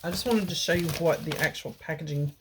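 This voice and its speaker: A woman's voice: quick pace, noisy background. A middle-aged woman chatting casually at home about gel polish she bought, showing each bottle to the camera. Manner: chatty, baby-talks her cat in a high cooing voice. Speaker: beauty vlogger. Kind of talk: casual product haul chat. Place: home bedroom.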